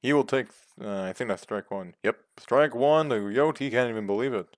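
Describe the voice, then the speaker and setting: A man giving play-by-play commentary on a video game baseball league, calm between pitches and yelling on big hits. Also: moderate pace, dry recording, studio quality. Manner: jumps from calm calls to loud excited yells.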